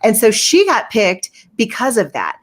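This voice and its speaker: A woman guest on a podcast, chatting casually as an emphatic, animated storyteller who acts out her quotes. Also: fairly high pitch, unhurried. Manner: emphatic, lots of fillers and restarts. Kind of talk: casual chat.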